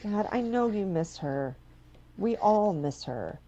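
A woman's voice: mid-range voice, lively intonation, takes it slowly, dark tone, dull audio, slight background noise. A woman playing a blunt, pleading adult daughter confronting her father in a stage play. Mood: angry.

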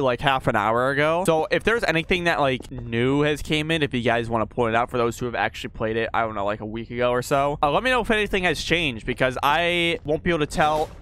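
A man's voice: mid-range voice, a bit bright, smooth. A young man commenting on a horror game as he plays, swearing often and jumping at noises. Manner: profane, jumpy, talks to himself while playing. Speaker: gaming YouTuber.

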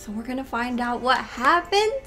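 A young woman reacting to a video in casual, animated commentary, often exclaiming and laughing. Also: high-pitched, normal speed. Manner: animated, exclaiming and laughing at what she watches. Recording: music playing behind her voice. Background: faint music.

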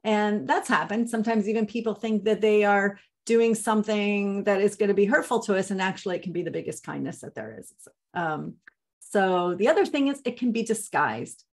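A woman in her fifties, a Jewish educator giving a seminar talk, telling a personal story with lively enthusiasm and frequent ums. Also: mid-range voice, brisk.

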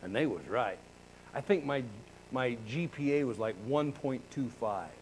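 A man's voice: mid-range voice, animated, normal speed, slight background noise, low-quality recording. A man in his sixties, a pastor praying fervently and then preaching in a folksy, candid way in a church. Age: 60s. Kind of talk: prayer and casual sermon. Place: church sanctuary.

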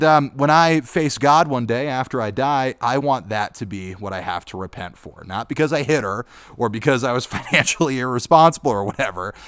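A man's voice: fairly low pitch, clear, resonant tone, dry recording. A young man, a YouTube host, answering viewer questions in a chatty, storytelling manner. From Utah. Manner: chatty storytelling with laughs, animated when retelling. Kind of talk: casual Q&A monologue.

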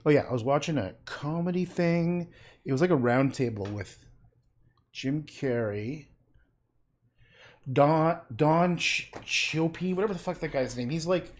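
This is a husky-voiced man from Canada chatting on a livestream while he paints. He rambles loosely and mutters to himself, slipping in casual swearing. His pitch moves around a lot as he wanders from thought to thought. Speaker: painter streaming his work.

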